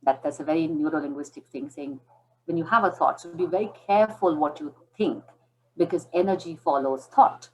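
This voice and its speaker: On a low-quality recording, an Indian woman in her 40s shares her own story as a guest in an interview, voicing the dialogue within it. Her voice sits low and she talks a little fast.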